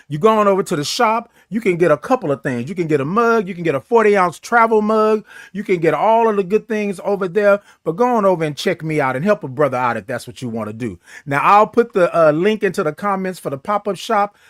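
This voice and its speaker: A playful, flamboyant man hosts a morning livestream, his voice sitting high for a man. He chats loosely with viewers and drags his greetings out long. The sound is close and dry, with no room echo. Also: animated, a little fast, hardly any pauses, a bit bright. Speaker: host of a morning livestream show. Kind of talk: casual livestream chat reading viewer comments.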